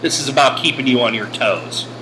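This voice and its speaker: A man teaching a grammar lesson over slides, animated and joking with exclamations. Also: mid-range voice, fairly quick. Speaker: English teacher. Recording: air conditioning hum behind.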